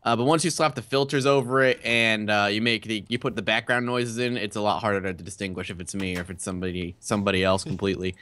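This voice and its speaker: A man co-hosting a let's play, talking in an easygoing, chatty way with quick laughs. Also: lowish voice, steady tone, fairly bright tone, a little hiss or hum. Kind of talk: casual gaming chat.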